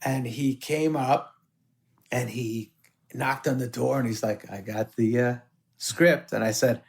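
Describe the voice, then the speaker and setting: A man in casual podcast chat tells stories with plenty of swearing. His voice is gravelly and sits at an ordinary pitch. He slips into the voices of people he quotes. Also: measured pace. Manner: animated, swears often, acts out voices in anecdotes. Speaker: guest.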